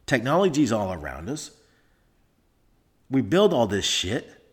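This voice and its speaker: Rambling sarcastic man, husky voice. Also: medium pitch, sing-song, measured pace. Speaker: podcast host. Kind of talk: rambling solo podcast monologue. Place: soundproofed room at home. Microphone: microphone recorded to laptop.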